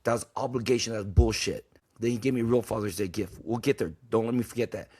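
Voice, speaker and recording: A man's voice: on the low side, steady tone, fast, warm tone, slightly rough. A man hosting a podcast in casual talk, blunt and emphatic, preaching his points and swearing freely. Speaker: podcast host.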